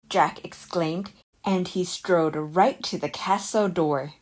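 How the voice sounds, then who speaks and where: A woman reads a children's picture book aloud in a calm storytelling manner. Her voice sits low, and she takes her time over every line. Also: takes it slowly. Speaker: narrator.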